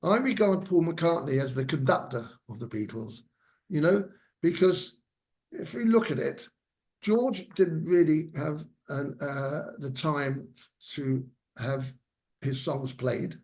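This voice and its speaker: Older male guest speaker with a slightly high voice, rambling through anecdotes at a lecture. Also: takes it slowly, a little mellow. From England. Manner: rambling anecdotal delivery with fillers. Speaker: guest speaker, former hairdresser. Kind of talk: lecture storytelling. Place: senior center lecture hall.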